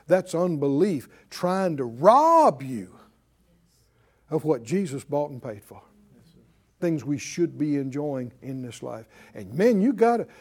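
A man's voice: a little high, dark tone. A man teaching a Bible class in sermon style, preaching emphatically and asking the class questions.

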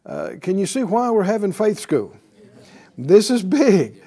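Slow, mellow-voiced male preacher. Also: high-pitched, very animated. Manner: emphatic preaching with rhetorical questions. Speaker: pastor. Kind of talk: sermon.

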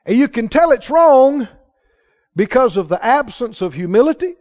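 Preaching at a moderate pace, this pastor has a very high, slightly mellow voice with big pitch swings. His sermon is emphatic, he poses questions to his listeners along the way, and the recording is dull and lo-fi.

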